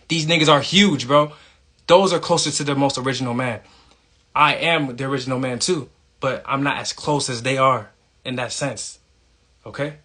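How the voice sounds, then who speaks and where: A man's voice: mid-range voice, pushed and bright, breathy edge. A man giving a casual, preachy monologue, emphatic and profane, punctuating points with "okay?". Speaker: self-styled spiritual speaker.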